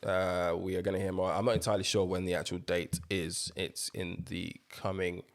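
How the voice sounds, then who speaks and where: Deep, gravelly man. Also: flat delivery, moderate pace. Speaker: podcast co-host. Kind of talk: casual chat.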